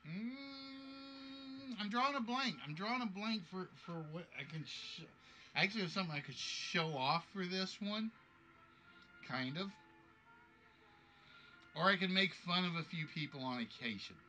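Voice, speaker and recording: Bright-voiced man hosting a live stream. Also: high voice, measured pace, pauses often, slight background noise. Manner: thinks aloud, rambling with restarts. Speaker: game show host. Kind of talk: casual live-stream chat.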